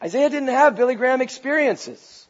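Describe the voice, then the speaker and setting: A pastor preaching a sermon, animated and playful, raising his voice to a shout for emphasis. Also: very high-pitched, normal speed. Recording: dull lo-fi recording.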